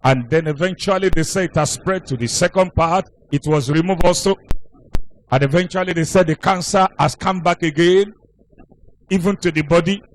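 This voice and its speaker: A man's voice: on the high side, normal speed, a little hiss or hum, low-quality recording. A male pastor preaching a sermon, telling a story with emphatic delivery.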